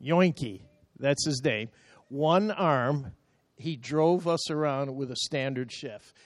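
Slow-talking man narrating mission slides. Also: medium pitch, no room sound. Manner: chatty, emotional, directs slide operator. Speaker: pastor showing mission trip slides. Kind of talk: church slideshow talk.

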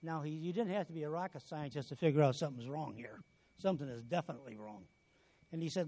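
A man preaching a sermon, telling stories and acting out quoted voices, swinging from loud bursts to quiet asides. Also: on the high side, quick pace.

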